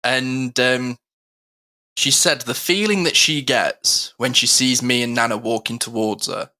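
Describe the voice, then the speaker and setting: A man's voice: mid-range voice, measured pace, pushed and bright. A man co-hosting a podcast, talking heartfelt and rambling with lots of fillers. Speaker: co-host. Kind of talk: casual podcast chat.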